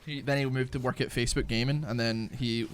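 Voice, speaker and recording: A man's voice: medium pitch, steady tone, fast. Rambling, cussing young man. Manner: rambling, swears freely, frequent restarts. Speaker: gaming streamer. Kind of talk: casual live-stream chat while gaming.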